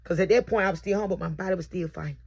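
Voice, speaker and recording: Gravelly-voiced young woman telling her story. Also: lowish voice, rapid-fire, a little mellow. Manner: heartfelt, repetitive storytelling. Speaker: mother sharing a birth testimony. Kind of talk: emotional personal testimony. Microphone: self-recorded on camera.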